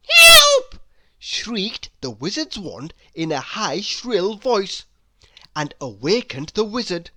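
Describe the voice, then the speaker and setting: Woman narrating a kids' story, slow, very animated pitch swings. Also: no echo. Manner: expressive, animated reading with slow pacing. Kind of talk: children's story read-aloud.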